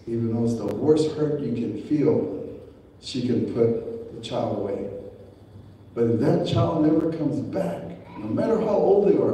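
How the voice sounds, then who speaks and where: Dark-voiced man telling a story in an echoey hall. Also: a little hiss or hum. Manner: plain-spoken, acts out quoted voices with rising pitch. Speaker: speaker telling a story to an audience. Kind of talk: storytelling speech. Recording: echoey hall recorded from a distance.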